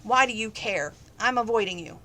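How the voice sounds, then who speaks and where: A man's voice: high voice, lively intonation, normal speed, bright, forceful tone, heavily acted. A woman reading aloud, voicing a stubborn, grumpy sick man who talks in curt grumbles.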